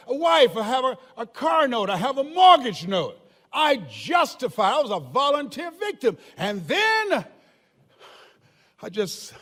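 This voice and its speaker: An older man giving a motivational speech to a live audience, telling stories with emphasis, often shouting and laughing. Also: extremely high pitch. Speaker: motivational speaker. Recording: long hall reverb.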